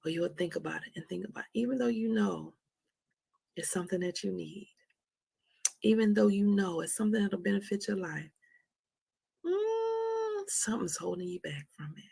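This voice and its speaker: A woman hosting a motivational livestream, speaking softly and slowly with a Southern American touch, often dropping to a whisper. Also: on the low side, gravelly, breathy edge, no room sound. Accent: American, Southern country touch. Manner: soft, slow and prayerful, often dropping to a whisper. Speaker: livestream host.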